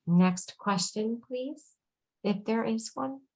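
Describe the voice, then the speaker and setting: A woman channeling on a video call, speaking slowly and soothingly as a collective "we", sometimes dropping to a hushed whisper. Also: on the high side, low-quality recording. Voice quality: creaky, husky, drifting into soft whispers. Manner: slow, soothing, speaks as a collective "we", often murmurs "dear one". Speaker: channel giving intuitive readings.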